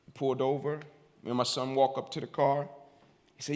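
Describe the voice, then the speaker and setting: A man giving a motivational keynote, telling his story dramatically and using repetition to build tension, with sudden drops to a hush. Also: medium pitch, flat delivery, fairly quick. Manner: builds intensity with repetition, swings between loud and hushed. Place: large event venue on stage. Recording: long reverb of a big live hall.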